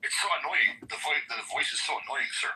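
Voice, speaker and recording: A man's voice: a little high, expressive, fast, a crowd in the background. A man calling in over the phone, crude and annoyed, swearing a lot. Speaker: caller. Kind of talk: casual chat over the phone. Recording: tinny phone line with faint noise.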